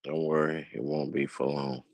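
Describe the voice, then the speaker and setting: A man's voice: rumbling low, little pitch movement, moderate pace, darkish tone, dry recording. A man in casual chat, teasing his friend in a laid-back way.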